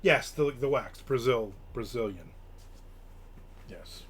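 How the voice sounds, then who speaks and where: A middle-aged man hosting a live stream, rambling casually with lots of fillers and sudden bursts of excitement. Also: medium pitch, slow pace, breathy edge. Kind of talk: casual chat, reading and answering chat.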